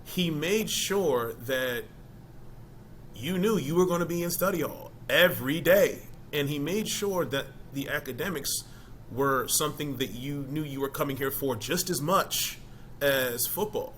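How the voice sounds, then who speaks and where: A man's voice: fairly high pitch, expressive, unhurried, fairly bright tone, a little hiss or hum. A man guest in an interview, talking casually and with emphasis about his college choice, often checking in with his listener. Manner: conversational, emphatic, asks "you know what I mean?". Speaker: interview guest, former college football player.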